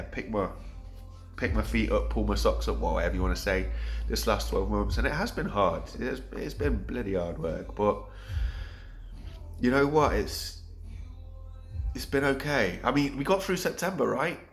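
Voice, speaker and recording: Low-voiced man thinking aloud. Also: expressive, normal speed, soft background music. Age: 30s. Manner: earnest, rambling, thinking aloud with many restarts. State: getting choked up. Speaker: vlogger. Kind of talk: reflective vlog monologue.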